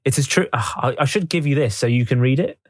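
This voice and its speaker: A man's voice: mid-range voice, quick pace, no room sound. A man co-hosting a podcast, reading from notes in a dry, casual way. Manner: reads from notes, dry, laughs easily. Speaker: podcast co-host.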